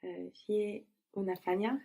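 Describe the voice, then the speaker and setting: Female learner, flat delivery, creaky voice, tentative and self-correcting. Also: medium pitch, unhurried. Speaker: language student. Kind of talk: answering in a language lesson.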